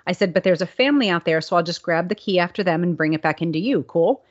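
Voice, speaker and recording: A woman co-hosting a casual podcast chat, telling a story with lively acted-out quotes. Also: on the low side, quick pace. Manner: animated storyteller, acts out quotes. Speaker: podcast co-host. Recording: dull lo-fi sound.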